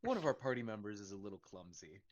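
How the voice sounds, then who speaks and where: A man playing a tabletop game, making quiet, dry asides. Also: fairly low pitch, big pitch swings, fast. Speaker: player. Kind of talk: casual tabletop game play. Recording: dull lo-fi mic with faint noise.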